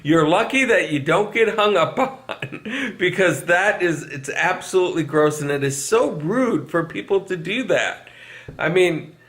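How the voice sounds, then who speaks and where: High-voiced chatty man vlogging. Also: expressive, measured pace, fairly bright tone. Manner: chatty, laughs often. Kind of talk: casual talk to camera. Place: couch at home.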